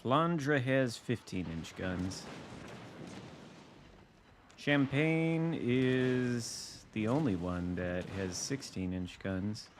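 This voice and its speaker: A man's voice: mid-range voice, lively intonation, drawn-out words, background noise. A man streaming a naval battle game, chatting casually with dry, wry asides as he thinks aloud. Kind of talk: casual live gameplay commentary.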